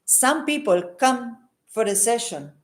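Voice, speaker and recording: A woman's voice: a little high, animated, a little slow. A woman healer giving an earnest, unscripted talk to camera, repeating phrases for emphasis and adding a questioning "hmm?" after her points. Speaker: holistic healer and psychic. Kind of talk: unscripted advice monologue to camera.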